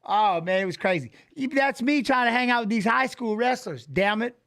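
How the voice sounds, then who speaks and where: High-voiced chatty man hosting a livestream. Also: expressive, moderate pace, gravelly, fairly bright tone. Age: 40s. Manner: rambling, chatty, greets viewers by name. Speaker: livestream host. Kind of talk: casual livestream chat.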